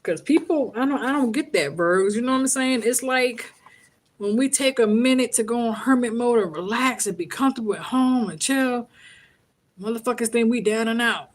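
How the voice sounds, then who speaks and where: A woman from the Bronx with a New York accent, reading tarot from home in a brash, profane, joking live-stream chat. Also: a little high. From Bronx, New York City. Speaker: tarot reader.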